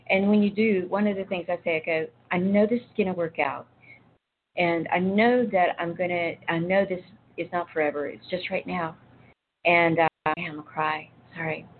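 A woman talking casually about faith as an intuitive reader, telling rambling, chatty stories full of asides. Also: on the low side. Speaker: intuitive reader and spiritual speaker. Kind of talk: casual spiritual talk to viewers. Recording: tinny phone-like sound with faint noise.

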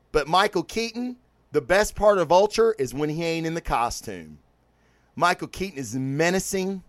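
Man, podcast host, excited, profane, rambling, animated pitch, fairly high voice, dry close mic. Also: no echo. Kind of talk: casual movie and comics review.

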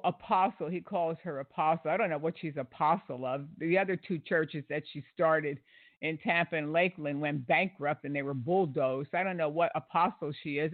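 A man's voice: fairly high pitch, no echo. A man giving critical commentary on a clip, indignant and sarcastic, with hesitant fillers. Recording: dry phone-like audio.

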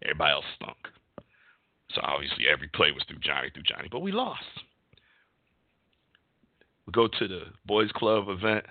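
A man hosts a casual sports chat, his pitch leaping around as he tells stories with many restarts. The sound is dry and thin, like a phone call. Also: normal speed, long pauses, dry recording. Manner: animated storytelling, many restarts. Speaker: podcast host.

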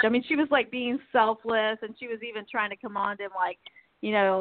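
A woman host chats her way through a rambling recap, full of fillers and restarts. Her voice sits at a middle pitch. It comes through a dry, thin phone line with no room sound. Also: brisk, no echo. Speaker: podcast host. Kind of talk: casual soap opera recap chat.

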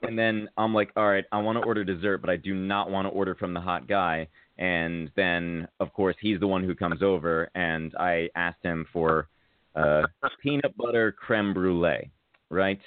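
An American man hosts a podcast and tells a rambling, casual story, with lots of filler along the way. His voice sits low. The audio is dry and narrow, much like a phone line. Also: fairly even intonation, normal speed, smooth, no room sound. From United States. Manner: rambling, loose, with many fillers. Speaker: podcast host. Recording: tinny phone-like sound.

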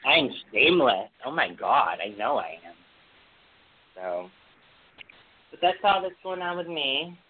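A man's voice: medium pitch, big pitch swings, unhurried, pauses often. Gushy talkative guy on a podcast, lots of ums, sounds like a phone line. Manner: gushing, chatty, lots of fillers. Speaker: podcast co-host. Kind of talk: casual chat.

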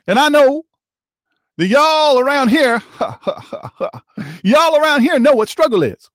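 A man's voice: very high voice, expressive, measured pace, no room sound, clean studio sound, pitched above the performer's own voice. A man putting on the voice of a fiery preacher addressing a congregation, with a rousing, sing-song sermon cadence.

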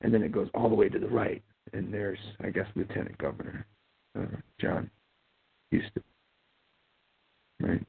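A man's voice: fairly low pitch, fairly even intonation, normal speed, gravelly, long pauses, breathy edge. A man from Ohio hosting a casual talk show, mumbling and rambling with many fillers and restarts. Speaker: podcast host. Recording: tinny phone-like sound.

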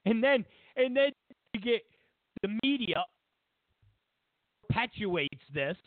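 Slow but very animated, a high-voiced man hosting a talk show rambles through a sarcastic, comedic rant with many restarts. The recording is dry and tinny like a phone line, without room sound.

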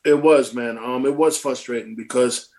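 A man's voice: medium pitch, moderate pace, darkish tone. A middle-aged man, a former pro ballplayer, telling stories casually in an interview, acting out quotes and swearing freely. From Brooklyn, New York. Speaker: former pro baseball player, guest.

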